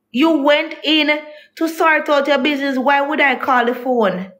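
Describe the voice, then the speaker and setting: A woman's voice: sits high, fairly even intonation, unhurried, a bit bright. A young woman, telling her viewers a heated, indignant story about a partner, repeating herself as she vents. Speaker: vlogger. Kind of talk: emotional storytime rant to viewers.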